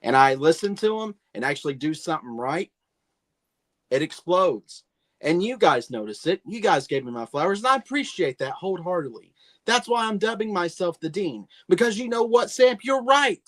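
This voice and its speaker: A man's voice: high-pitched, expressive, moderate pace. Brash man ranting like a wrestling heel. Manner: brash, combative, mock-heel bravado. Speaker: podcast roundtable regular. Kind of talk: heated wrestling-promo rant.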